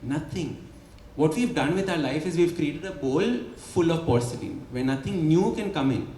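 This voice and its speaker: A man's voice: a little high, lively intonation, moderate pace, dark tone, a little hiss or hum. A man, an author and habit coach, explaining his ideas at a book launch and asking rhetorical "right?" questions. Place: event hall before an audience. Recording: echoey hall with light ambience.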